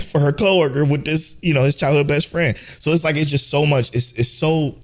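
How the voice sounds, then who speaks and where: A man's voice: a little high, normal speed. A man co-hosting a casual anime podcast. He rants animatedly, swears freely and acts out the characters' lines as he retells scenes. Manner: animated, profane ranting, acts out quoted characters. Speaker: podcast co-host.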